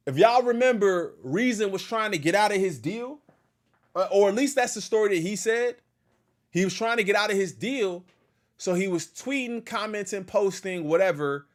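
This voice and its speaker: Male streamer, higher-pitched, exasperated reaction commentary. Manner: exasperated, questioning, repeats himself. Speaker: host reacting to a video.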